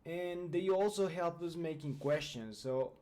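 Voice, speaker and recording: A man's voice: fairly high pitch, unhurried, warm tone. A man whose first language is Spanish, giving a patient, step-by-step grammar lesson in English that often checks in with the viewer. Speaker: English teacher. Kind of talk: explanatory video grammar lesson.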